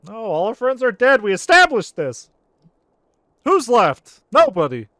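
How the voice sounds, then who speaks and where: A man's voice: very high voice, wildly swooping pitch, a little slow, pushed and bright, dry recording. A man streaming a video game, commenting casually with sarcasm and lots of swearing.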